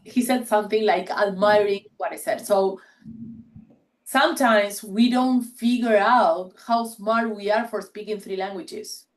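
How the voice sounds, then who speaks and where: A woman's voice: mid-range voice, unhurried, low-quality recording. A woman whose first language is Spanish, telling stories in a casual panel talk on a video call, often restarting her sentences. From Spanish-speaking country. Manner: animated storytelling with many restarts. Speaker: panel speaker.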